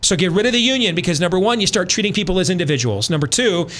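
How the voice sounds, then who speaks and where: A man's voice: sits high, lively intonation, racing, a bit bright. A man hosting a conservative talk radio show, arguing emphatically and checking in with listeners. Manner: emphatic, rhetorical, addresses listeners directly.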